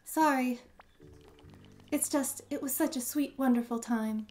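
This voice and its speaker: A woman voicing an emotional, tearful woman in a game, raising her voice a little higher than her own. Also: level tone, fairly quick, faint music behind, lightly acted. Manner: tearful, gushing. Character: tearful emotional woman meeting a long-lost face.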